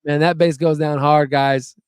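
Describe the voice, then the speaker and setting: A man's voice: on the high side, fairly even intonation, unhurried, loud music behind the voice. A young man hosting a casual investing livestream, rambling and upbeat as he reads out viewer chat. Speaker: stock investing channel host.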